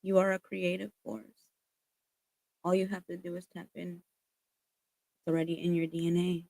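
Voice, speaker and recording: Woman tarot reader, low-ish voice, earnest, emphatic and profane, casual spiritual reading, dry close sound. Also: level tone, moderate pace, gravelly, dark tone, no echo. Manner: emphatic and earnest, swears freely, relays messages.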